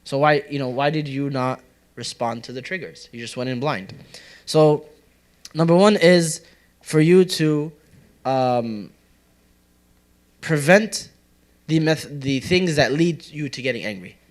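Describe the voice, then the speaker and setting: Speaking unhurriedly and pausing often, this young man has a fairly high voice. He's a religious teacher running a relaxed, interactive study circle in a community center classroom, where he quizzes the audience and jokes and laughs with them.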